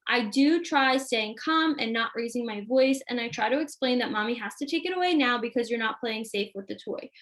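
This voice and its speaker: A woman's voice: fairly high pitch, animated, a little fast, few pauses, a bit bright. A woman hosting a live Q&A as a parenting coach, reading viewer questions aloud and acting out example dialogue.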